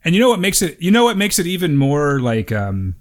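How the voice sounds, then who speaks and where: A man's voice: on the high side, wildly swooping pitch, a little fast. A man in his thirties from North America, co-hosting a podcast in loose, joking chat and laughing often. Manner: joking, laughs often, does mock voices. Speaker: podcast co-host. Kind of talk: casual chat.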